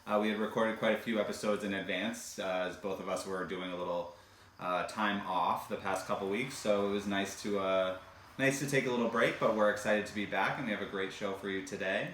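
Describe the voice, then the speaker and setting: A man co-hosting a casual podcast, chatting in a relaxed way with plenty of fillers. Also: lowish voice, fairly quick. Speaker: podcast co-host. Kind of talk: casual chat. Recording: echoey room, faint noise.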